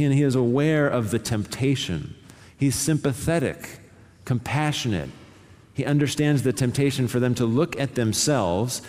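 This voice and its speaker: A pastor preaching a sermon with earnest, shifting emphasis and the occasional soft laugh. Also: male voice, mid-range voice. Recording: hall reverb.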